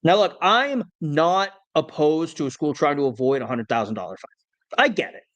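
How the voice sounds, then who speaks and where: A man's voice: fairly high pitch, animated, moderate pace, fairly bright tone, dry recording. A young man co-hosting a sports podcast, ranting in a worked-up way and stammering when heated. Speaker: podcast co-host. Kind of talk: casual sports podcast rant.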